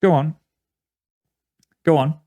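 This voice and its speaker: A man's voice: on the high side, slow, dark tone, no room sound. A man giving rambling, exasperated commentary while playing a management game, often repeating himself. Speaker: gaming YouTuber. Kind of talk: let's-play commentary.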